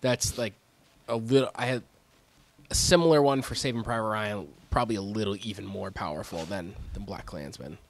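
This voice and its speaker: A man's voice: lowish voice, fairly quick. A man talking casually as a podcast guest, telling stories and laughing a lot. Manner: animated storyteller, laughs a lot. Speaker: guest, movie buff. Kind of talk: casual chat.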